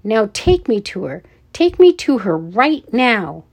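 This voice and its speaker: A woman's voice: lively intonation, slow pace, full character voice. A woman voicing a young boy scout, frightened but brave, speaking in a raised, urgent voice. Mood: furious. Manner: urgent, high-pitched.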